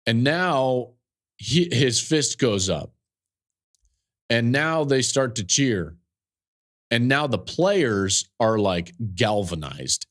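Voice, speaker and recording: A man in his forties hosting a sports podcast, telling a game story with animated, emphatic energy and frequent restarts. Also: medium pitch. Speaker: podcast host and football analyst. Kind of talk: casual sports podcast talk.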